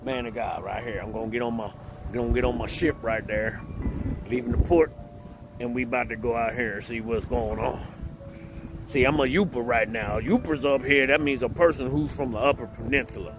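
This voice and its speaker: A man's voice: medium pitch, a little fast, music in the background. A man making a casual, playful vlog outdoors by a lake, laughing at himself as he talks to viewers. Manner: playful, laughs at himself, Southern-style "y'all". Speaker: vlogger.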